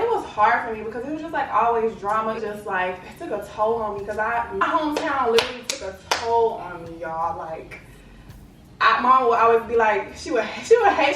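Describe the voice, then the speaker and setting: A woman's voice: on the high side, noisy background. A young woman from Texas, chatting casually to camera as a vlogger and filling her talk with "like" and "you know what I'm saying". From Lubbock, Texas. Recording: echoey room, distant mic, faint ambience.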